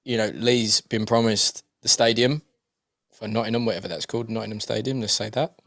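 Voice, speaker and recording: Gravelly and lowish, this man's voice moves briskly over clean, echo-free studio audio. As a podcast co-host he riffs on boxing casually and animatedly, cursing freely, skipping between points and mimicking voices for laughs.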